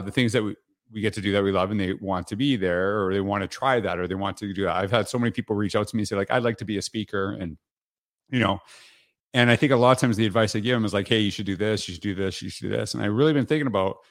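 A man with a fairly low voice hosts a podcast in a casual, reflective monologue. He rambles, circling back with fillers and restarts. The sound is dry and close, with no room around it. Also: no room sound. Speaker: podcast host.

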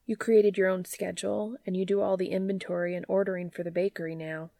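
A woman voicing a reasonable young man, a younger brother studying law, who argues calmly and persuasively in a storybook reading. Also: mid-range voice, fast, gravelly, no echo, lightly acted. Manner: calm, persuasive.

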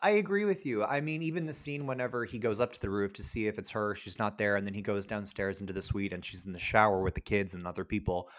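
A man's voice: lowish voice, fairly even intonation, quick pace, hardly any pauses. A man co-hosting a podcast, talking about a film in a chatty, earnest way and often restarting his sentences. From Canada. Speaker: podcast co-host. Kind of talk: casual film discussion.

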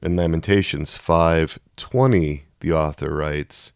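Man, low voice, dry close sound, sermon, dramatic scripture reading. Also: expressive, measured pace, dry recording. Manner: reads verses with rising anguished intensity. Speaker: preacher.

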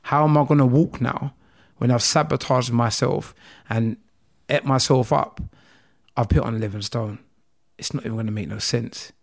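A man with a London accent, a guest telling a personal story with feeling, acting out the dialogue in a lively way. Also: mid-range voice, normal speed, gravelly. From England. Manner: animated, acts out dialogue with rising voice.

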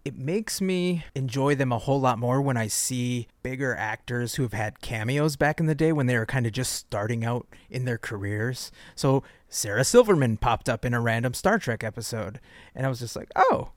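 A man co-hosting a casual comedy podcast, chatty and quick to laugh, reading out news items between jokes. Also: medium pitch, animated, no echo. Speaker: podcast co-host.

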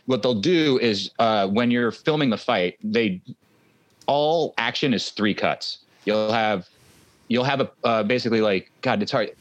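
A man's voice: on the low side, unhurried, dry recording, highs cut off. A man co-hosting a podcast, chatting casually and analytically about movies and sometimes acting out lines. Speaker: podcast co-host.

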